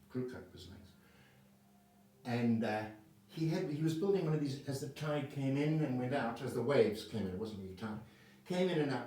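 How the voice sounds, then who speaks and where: An older man from South Africa telling a rambling, profane personal anecdote in a casual way. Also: mid-range voice. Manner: rambling, profane, animated storytelling. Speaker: storyteller. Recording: roomy echo, mic at a distance.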